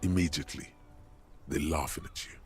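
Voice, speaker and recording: A man's voice: fairly quick, music in the background. A man voicing a sardonic inner narrator in a game, speaking to the player in a commanding second person. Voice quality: gravelly, very deep.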